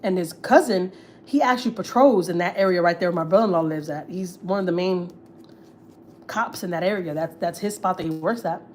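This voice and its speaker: Lady in her 30s spilling gossip live, cusses a lot, keeps restarting, kinda low voice. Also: fairly quick, darkish tone, a little hiss or hum. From Houston, Texas. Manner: rambling, repeats herself, swears freely. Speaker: livestream host. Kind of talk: casual gossip livestream chat.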